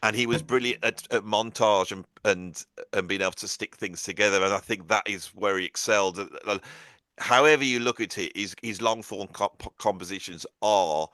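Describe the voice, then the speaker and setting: Low-voiced man telling stories. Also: moderate pace, no room sound. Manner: animated storyteller, acts out quotes. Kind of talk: conversational anecdote and music talk.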